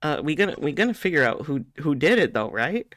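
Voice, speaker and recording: A streamer casually playing through a story game, animated and laughing often between read lines. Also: medium pitch, fast talker, dry recording. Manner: giggly, animated, frequent laughter.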